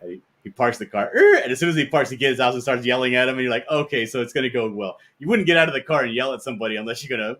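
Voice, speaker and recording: A man hosting a casual podcast chat, telling stories in a rambling, animated way. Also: medium pitch, very fast, hardly any pauses.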